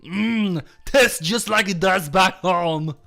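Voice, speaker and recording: Fields: Figure: a bubbly young tank girl, played by a man. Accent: put-on German. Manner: giddy, gushing. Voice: bright, gravelly. Behind: faint music. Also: high voice, takes it slowly, exaggerated voice.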